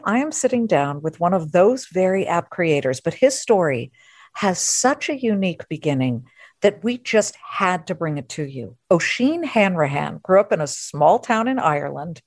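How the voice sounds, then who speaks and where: A woman hosting a podcast, chatting playfully and firing off quick questions in a casual interview. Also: mid-range voice, no room sound, clean studio sound. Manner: lively, playful, asks rapid questions. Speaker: podcast host.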